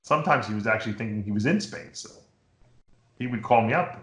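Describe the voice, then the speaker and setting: Chatty low-voiced man in an echoey room. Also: fast. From New York. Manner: rambling, animated storytelling with impressions. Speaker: podcast host. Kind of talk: casual chat.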